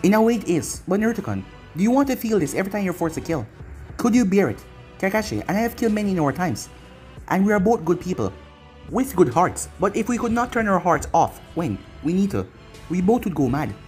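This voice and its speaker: A protective ninja mother, firm and caring, lecturing her son in quick, earnest lines, as a reader puts her on. Her voice stays close to the storybook narration. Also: mid-range voice, big pitch swings, a little mellow, soft background music, close to an everyday voice.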